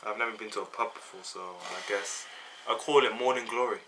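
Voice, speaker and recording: Young man, South London accent, fast offhand chat, low voice, faint room noise. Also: fairly bright tone, poor audio. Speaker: co-host. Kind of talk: casual chat, answering a tag.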